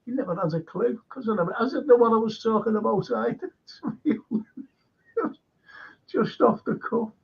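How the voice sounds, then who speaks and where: A man's voice: sits high, normal speed, creaky, slightly rough. A man hosting a casual talk show, rambling with restarts and reading viewer comments aloud. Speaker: host. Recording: dull lo-fi sound.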